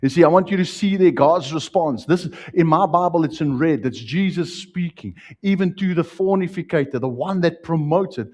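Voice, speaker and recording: South african pastor guy mid sermon, husky and kinda dark sounding, goes loud then drops soft. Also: a little high, normal speed, hardly any pauses. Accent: South African English. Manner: preaching with wide swings, rising loud then dropping soft.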